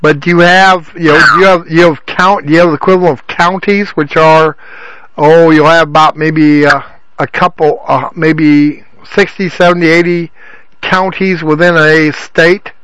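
A talk show host with a somewhat high male voice, rambling through loose questions packed with fillers. The sound is dry and close, with no room echo at all. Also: level tone, moderate pace, a bit bright, smooth. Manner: rambling, many fillers and "you know what I mean". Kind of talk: casual call-in chat.

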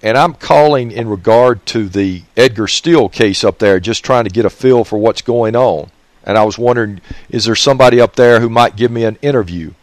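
A man's voice: mid-range voice, a little fast, dry recording. A man, hosting his own radio show in a profane, sneering, ranting monologue. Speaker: radio host.

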